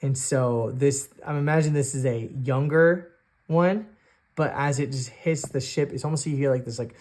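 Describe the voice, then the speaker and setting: A man's voice: medium pitch, moderate pace, darkish tone. A man narrating a solo tabletop game as game master, thinking aloud and hesitating often. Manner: hesitant, full of fillers and restarts, thinking aloud. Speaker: game master and sole player.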